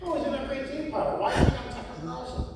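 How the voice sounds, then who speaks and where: A man giving a talk to a live audience, animated and full of rhetorical questions. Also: very high-pitched, fast talker, heavy background noise. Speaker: conference speaker. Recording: echoey hall recording from far off.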